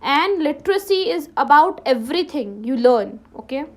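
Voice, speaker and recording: In a high, expressive voice at normal speed, a woman with a Ladakhi accent teaches a classroom lesson. She keeps stopping to start over or fix what she said, and asks "okay?" after most sentences.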